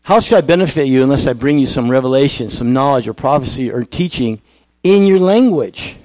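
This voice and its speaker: A man's voice: mid-range voice, expressive, fairly quick, darkish tone, dry recording. A male pastor giving a conversational sermon, asking the congregation questions.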